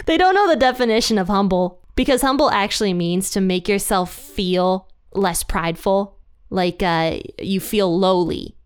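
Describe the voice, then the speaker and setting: A woman's voice: medium pitch, measured pace, smooth. A woman hosting a Bible study, explaining scripture in a chatty way with light laughs between points. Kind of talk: casual Bible teaching.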